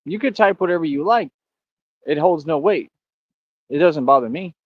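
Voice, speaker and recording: A man's voice: a little high, expressive, normal speed, no echo. A man boasts and argues with his livestream chat, confrontational and sure of himself, tossing in "bro" again and again. The audio is dry and a little dull, like a cheap stream mic.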